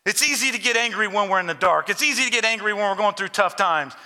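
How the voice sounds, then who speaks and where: A man preaching in a church sanctuary, his tone piercingly bright and sitting high for a male voice. He talks to the congregation casually and with humor, then leans into sincerity. A long hall reverb trails each phrase. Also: expressive, fast talker. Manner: conversational, joking preacher who turns earnest. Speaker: pastor. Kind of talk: sermon.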